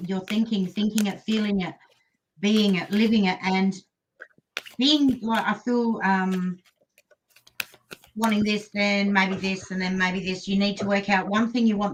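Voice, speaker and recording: A woman's voice: medium pitch, a little hiss or hum, low-quality recording. Hesitant Australian woman reading cards. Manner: gentle, hesitant, many "um"s. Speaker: psychic reader. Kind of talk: live online card reading.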